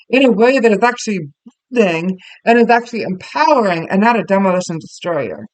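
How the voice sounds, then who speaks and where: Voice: medium pitch, expressive, fairly quick, no room sound, poor audio. Earnest, chatty parenting teacher. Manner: earnest, conversational, with frequent fillers and restarts; tells personal stories to the listeners.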